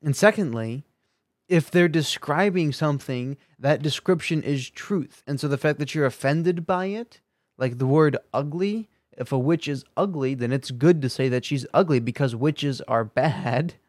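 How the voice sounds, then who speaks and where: A man's voice: fairly high pitch, moderate pace, no room sound, studio quality. A man giving an earnest, argumentative opinion monologue at home, thinking aloud as he goes. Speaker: commentator. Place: room at home with a bookshelf.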